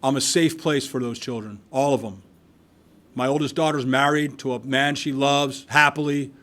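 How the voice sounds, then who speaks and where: Brief: man in his sixties, mid-pitched voice, loose candid testimony with wry asides at a recovery meeting. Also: fairly even intonation, moderate pace, fairly bright tone. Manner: candid storytelling with repeated restarts and wry asides. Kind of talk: personal testimony to a live meeting. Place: meeting hall.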